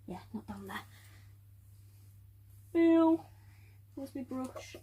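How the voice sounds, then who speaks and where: A woman chatting casually through a hobby build of a tarantula enclosure, rambling and often dropping to quiet muttering and whispers as she works. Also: sits high, noisy background. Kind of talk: casual crafting vlog narration.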